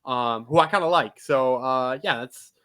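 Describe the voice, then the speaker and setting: Male podcast co-host, tense bright tone, loose rambling delivery. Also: medium pitch, unhurried, smooth. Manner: rambling, hesitant, many fillers. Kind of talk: casual podcast chat.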